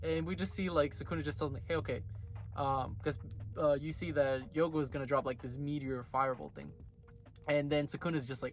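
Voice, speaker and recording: A man's voice: on the high side, fairly even intonation, brisk. A man casually recapping and reviewing an anime episode, rambling with lots of filler words. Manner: rambling, full of "like" and "you know" fillers.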